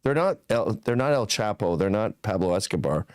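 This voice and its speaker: A man in his fifties chats as a podcast guest, spinning crude stories with blunt, profane candor. His voice sits a bit low, and the sound is close and dry with no room around it. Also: big pitch swings, brisk, clear, resonant tone, no echo. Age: 50s. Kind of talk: casual podcast chat.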